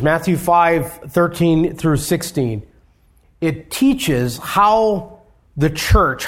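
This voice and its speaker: Guy preaching a sermon, slow and deliberate, kinda high voice, gets loud then drops low. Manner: measured preaching with emphatic rises and soft drops. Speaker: pastor. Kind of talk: expository sermon.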